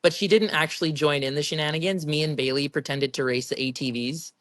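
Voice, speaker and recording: A woman's voice: deep voice, fast talker, slight background noise. A young adult woman telling stories from her competitions in a casual interview, chatty and laughing often. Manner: chatty, giggly, animated storytelling. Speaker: professional strongwoman guest.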